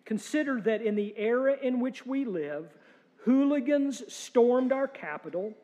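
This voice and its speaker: A male pastor preaches with a fairly high yet mellow, dark-toned voice. He is earnest and emphatic, tossing in rhetorical questions and dry jokes. The sound carries a long church-hall reverb. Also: lively intonation, measured pace. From United States. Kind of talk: sermon.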